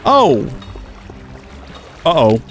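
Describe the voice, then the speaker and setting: An American let's player with a chatty, jokey manner commentates on a survival game and talks to the animals on screen. His voice is on the high side, with wildly swooping pitch and drawn-out words, over faint game music.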